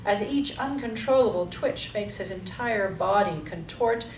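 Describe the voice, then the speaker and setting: A woman reading stage directions aloud in an even, descriptive way. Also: mid-range voice, unhurried. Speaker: narrator. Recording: echoey room, mic far off, faint hiss.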